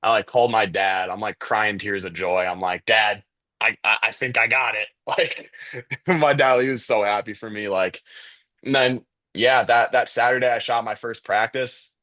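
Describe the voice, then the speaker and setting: Young guy from chicago, chatty, lots of likes and ums, kinda low voice. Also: normal speed, no echo. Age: young adult. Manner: relaxed, chatty, many fillers and restarts. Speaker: podcast guest, student photographer. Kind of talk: casual storytelling interview.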